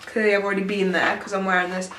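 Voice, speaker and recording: A woman's voice: medium pitch, little pitch movement, racing, fairly bright tone, slight background noise. A young woman telling a rambling, self-mocking storytime to camera at home. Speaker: vlogger. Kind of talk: casual storytime chat to camera. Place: room at home. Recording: roomy sound from a far mic.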